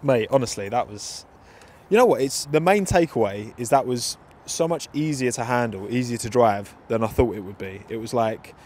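A man's voice: mid-range voice, moderate pace, darkish tone. A man chatting in an easygoing, rambling way outdoors at a race track. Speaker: presenter watching trackside. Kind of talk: casual chat.

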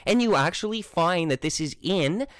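A man's voice: high-pitched, lively intonation, moderate pace, a bit bright, no echo. A man with a French accent, a native French speaker, delivering a heated, sarcastic monologue as a Christian vlogger. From French Canada. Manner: combative, sarcastic, scolding.

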